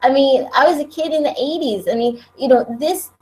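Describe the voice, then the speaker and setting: High-voiced, earnest American woman. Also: fairly quick, darkish tone, a little hiss or hum, rough recording. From United States. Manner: earnest, insistent. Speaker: co-host. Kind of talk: live political web show chat.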